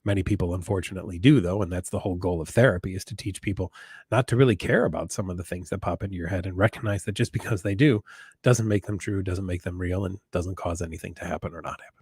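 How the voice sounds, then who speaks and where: Man with a lowish voice, psychologist taking live questions, earnest and repetitive, deliberate on key points, dry room. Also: darkish tone, slightly rough, dry recording. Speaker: psychologist answering viewer questions. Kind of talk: live online Q&A advice.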